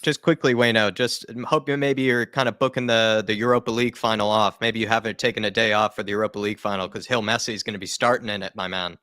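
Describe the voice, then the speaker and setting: A man's voice: lowish voice, steady tone, fast talker, few pauses, a bit bright, no room sound, studio quality. A man co-hosting a fan channel, chatting casually on a live stream in a rambling way, full of "you know".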